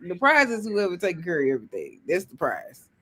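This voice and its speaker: A man's voice: sits high, wildly swooping pitch, a little fast, pushed and bright, husky. A man on a podcast panel, playful and blunt, swearing freely in casual banter. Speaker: panel regular.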